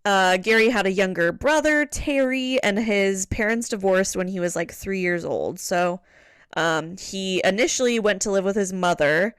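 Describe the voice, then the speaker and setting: A woman's voice: mid-range voice, normal speed, clear, resonant tone, no echo, studio quality. A woman co-hosting a podcast, chatting casually with lots of fillers and the odd swear word. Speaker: podcast co-host. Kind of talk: casual chat.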